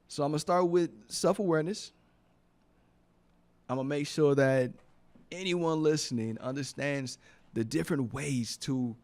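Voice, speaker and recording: A man's voice: mid-range voice, a little mellow. A man hosting a motivational radio talk show, speaking earnestly and from the heart, repeating phrases for emphasis in a studio.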